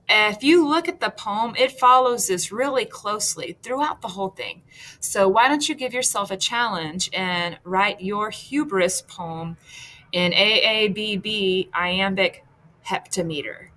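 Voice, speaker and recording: A woman teacher talking through slides in a recorded lesson, slowing down to stretch out stressed syllables and checking in with her students along the way. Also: mid-range voice, pushed and bright. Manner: chatty asides and quick checks with students.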